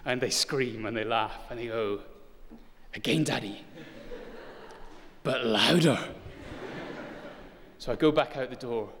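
A man's voice: mid-range voice, fairly quick, hardly any pauses, a bit bright, slight background noise. A man in his thirties preaching a sermon, earnest and building to urgent emphasis, with touches of self-deprecating humor. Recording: long hall reverb.

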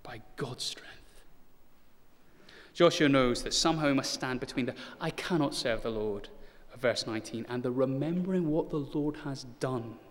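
A man in his thirties preaching a sermon, earnest and building to urgent emphasis, with touches of self-deprecating humor. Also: mid-range voice. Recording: long hall reverb.

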